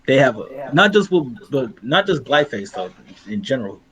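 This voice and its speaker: A man co-hosting a casual group discussion, insistent and quick to say bro. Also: medium pitch, big pitch swings, a bit bright, poor audio. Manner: insistent, calls others bro, apologizes for interrupting. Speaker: podcast co-host.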